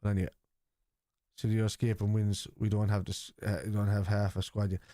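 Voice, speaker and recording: A man's voice: on the low side, flat delivery, a little fast, mellow, dry recording, clean studio sound. An Irish man hosting a live football watchalong stream, arguing at length with viewers in the chat in a rambling, lecturing way. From Ireland. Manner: argumentative, rambling lecture with many restarts.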